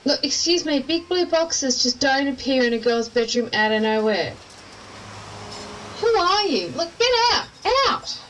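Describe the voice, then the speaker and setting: A woman's voice: high-pitched, slight background noise, low-quality recording. An actress with an Australian accent playing a spirited, blunt young woman in an audio drama. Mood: alarmed, indignant. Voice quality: brisk, bossy, lively. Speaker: companion character in an audio drama.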